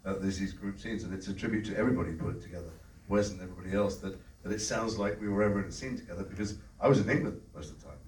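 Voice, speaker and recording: A man on a convention panel, answering an audience question in an articulate, explanatory way, with quick restarts. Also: low-pitched, a little mellow, slight background noise. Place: large convention hall. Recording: echoey hall from far off.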